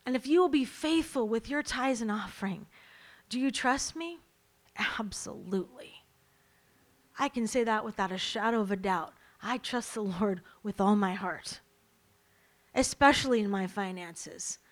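A woman's voice: mid-range voice, measured pace. A woman preaching a sermon to a church congregation, emphatic and repeating her key lines, then leading a prayer.

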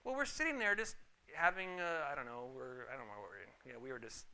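Bright-voiced man preaching with stories. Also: mid-range voice, quick pace, clear, resonant tone, low-quality recording. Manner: conversational, storytelling, calls for amens. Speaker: pastor. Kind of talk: sermon with personal story.

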